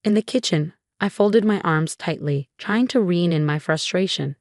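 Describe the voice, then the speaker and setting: A woman's voice: fairly low pitch, moderate pace, no echo, clean studio sound. A woman narrating a first-person story in an emotional, dramatic way.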